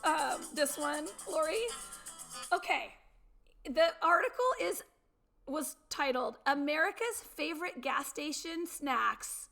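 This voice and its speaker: A woman's voice: high voice, vocal fry, fairly bright tone, faint music behind. A middle-aged woman hosting a morning show, chatting casually and laughing easily. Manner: chatty and giggly, quick to laugh. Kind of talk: casual chat.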